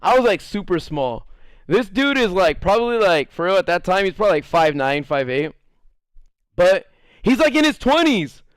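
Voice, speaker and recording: A man with a slightly high voice tells a story to his stream chat in a loose, rambling way. He curses freely, fills his talk with "like," and keeps breaking into laughter. The sound is dry and close. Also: sing-song, normal speed, clear, resonant tone, no echo. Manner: rambling, laughs often, curses, many "like" fillers. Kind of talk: casual storytelling to a live chat.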